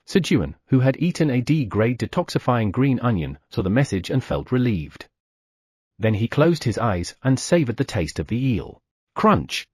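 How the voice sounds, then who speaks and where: A man narrating an audiobook in a lively storytelling manner, voicing the sound effects. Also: mid-range voice, normal speed, breathy edge, no echo, studio quality. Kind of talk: scripted narration.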